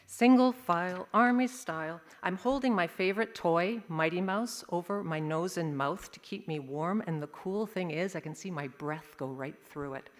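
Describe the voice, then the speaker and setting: A woman sharing a vivid personal story at a service, telling it expressively with dramatic pauses. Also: lowish voice. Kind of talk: storytelling to a congregation. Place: large worship hall. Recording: long hall reverb.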